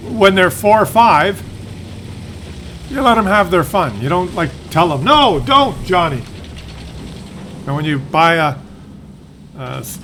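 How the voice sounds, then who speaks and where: A man's voice: on the high side, a bit bright, slight background noise. A man, from Ontario, chatting through a long rambling story as he plays a tank game and often loses his thread. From Ontario, Canada. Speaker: gaming channel host. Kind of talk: rambling chat while playing a tank game.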